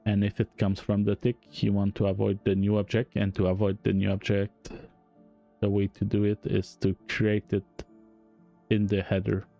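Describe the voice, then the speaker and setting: A man with a French accent talks slowly through game code on a live stream, halting and correcting himself with small chuckles. His voice is low, mellow and gravelly. The audio sounds dull and lo-fi, with faint music underneath. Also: completely flat delivery. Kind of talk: live-stream coding explanation.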